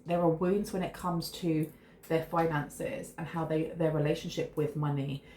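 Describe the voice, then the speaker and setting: A woman's voice: sits low, darkish tone. A woman giving a casual, rambling tarot reading, often restarting her words. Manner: chatty, rambling, restarts mid-word. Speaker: tarot reader. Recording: echoey room with faint noise.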